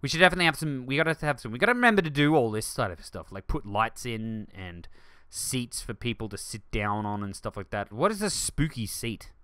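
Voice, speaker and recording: A man hosting a let's play, rambling excitedly through gaming commentary and jumping to shouts. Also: medium pitch, clean tone, no room sound, clean studio sound.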